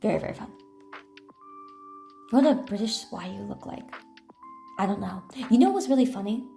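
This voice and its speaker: An American IRL streamer chats casually, telling rambling stories packed with fillers and self-corrections. Her mid-range voice is gravelly and dark with lively intonation at a moderate pace, over soft background music.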